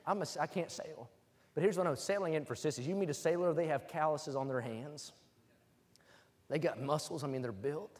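West virginia guy preaching, kinda high voice, cracking jokes, lots of say amen, gets loud. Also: brisk. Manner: joking, calls for amens, grows loud and emphatic. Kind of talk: humorous sermon. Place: church hall. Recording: reverberant hall.

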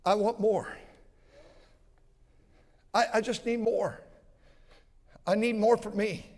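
A man's voice: sits high, steady tone, takes it slowly, a little mellow. Emphatic male preacher in an echoing church. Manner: emphatic and repetitive, with folksy asides. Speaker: pastor. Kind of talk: sermon. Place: church sanctuary. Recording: long church hall reverb.

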